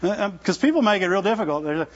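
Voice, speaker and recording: A man's voice: high-pitched, lively intonation, rapid-fire. A man preaching a sermon in a conversational, folksy way, often asking his listeners rhetorical questions. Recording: dull lo-fi recording.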